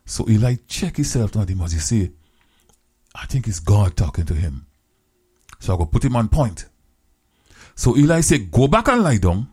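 A man preaching a sermon, retelling a Bible story in plain, creole-flavored English with repeated phrases and slow, drawn-out scripture quotes. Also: lowish voice, big pitch swings, a little mellow, husky.

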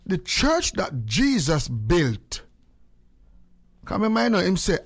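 Animated, gravelly Jamaican man. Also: high-pitched, no echo. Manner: emphatic, repeats lines for effect. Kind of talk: animated commentary in patois.

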